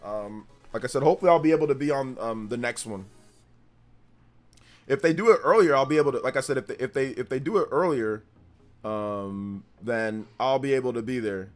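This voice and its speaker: A man's voice: medium pitch, a little fast, faint music behind. A man in his forties hosting a gaming livestream, chatting casually in a blunt, rambling way that repeats itself.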